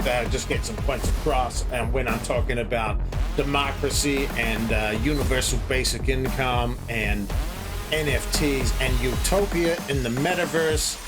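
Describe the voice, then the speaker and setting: A man's voice: mid-range voice, close to an everyday voice. A man playing a boastful crypto promoter with a put-on slight American accent, rambling through buzzwords with lots of fillers. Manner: rambling, filler-heavy, salesy.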